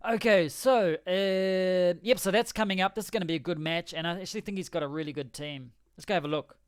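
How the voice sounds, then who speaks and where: Rambling and joking on a game livestream, a male streamer corrects himself as he talks. His high, smooth voice runs a little fast with fairly even intonation, and the sound is clean studio audio with no echo.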